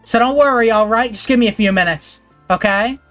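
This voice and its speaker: Woman doing a frantic young man shouting. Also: on the high side, fairly quick, faint music behind, pitched above the performer's own voice, lightly acted. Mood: urgent reassuring. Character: frantic young man racing against time.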